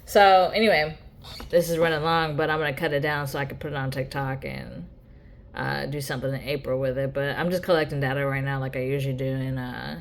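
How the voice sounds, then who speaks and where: A woman's voice: rumbling low, fairly even intonation, brisk. A woman ranting bluntly in a casual vlog monologue, swearing freely. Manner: blunt, profane rant with mocking quoted voices. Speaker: vlogger.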